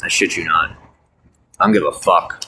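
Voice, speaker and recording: A man's voice: deep voice, fairly even intonation, normal speed, sharp tone, husky. An angry man in a profane, repetitive rant, talking outdoors at night beside a bus bench. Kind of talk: angry monologue.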